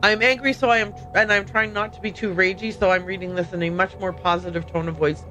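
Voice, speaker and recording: Bright-voiced woman streamer. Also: medium pitch, fairly even intonation, fast, soft background music. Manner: chatty, laughs often, reacts aloud, reads on-screen text. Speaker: game streamer. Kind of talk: casual let's-play commentary.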